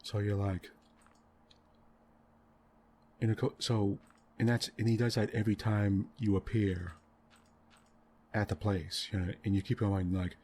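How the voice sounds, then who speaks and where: A low-pitched man talking quietly in soft-spoken gaming commentary, rambling on in an exasperated rant and tossing in "right?" and "you know" at every turn. A faint hiss sits under his voice. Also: little pitch movement, a little slow, pauses often. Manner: rambling, exasperated ranting about a game plot; frequent tag questions and fillers. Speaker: gaming channel host.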